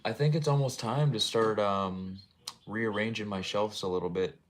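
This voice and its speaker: A man's voice: fairly low pitch, normal speed, a little hiss or hum. A young man streaming from his room at home, rambling casually and talking to his chat in a laid-back way. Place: home room with game shelves.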